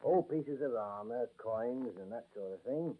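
An actor doing a Yorkshire accent as a gruff, friendly army corporal in a 1940s radio drama, folksy and ominous. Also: male voice, medium pitch, lively intonation, unhurried. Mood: reminiscing. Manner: folksy, ominous storytelling with "aye" and "lad". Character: gruff, friendly Yorkshire lance corporal, older drill master. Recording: tinny old radio broadcast recording.

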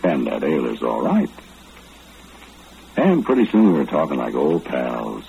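An actor in an old-time radio drama playing an easygoing working man who tells his story in a folksy, relaxed way. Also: extremely low pitch, a little slow, creaky, exaggerated voice. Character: easygoing middle-aged working man narrating his tale. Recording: dull lo-fi old radio recording with hiss.

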